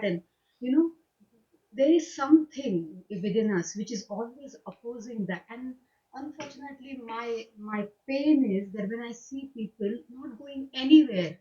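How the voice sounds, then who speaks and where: Woman with a slightly high voice pressing a question at a gathering, hesitant then earnest, muffled audio. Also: animated, measured pace, a little mellow, recorded from a distance. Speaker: audience member asking a question. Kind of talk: casual discussion. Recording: dull lo-fi recording.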